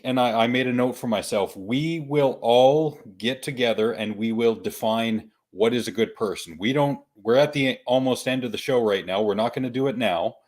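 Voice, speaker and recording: A man's voice: medium pitch, a little mellow. A male podcast host with a mid-range voice runs the show in casual chat. He jokes around and laughs often. He repeats words as he moves from topic to topic.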